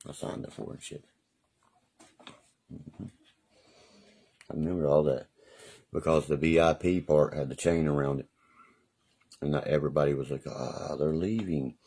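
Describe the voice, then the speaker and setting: Man, extremely deep voice, husky, profane rambling live-stream storyteller. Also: fairly even intonation, moderate pace, long pauses, dark tone. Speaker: livestreamer.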